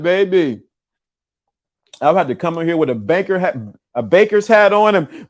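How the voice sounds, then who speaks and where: Animated, laughing male livestream host. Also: high voice, moderate pace. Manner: animated, laughing, streetwise slang. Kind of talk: casual livestream commentary.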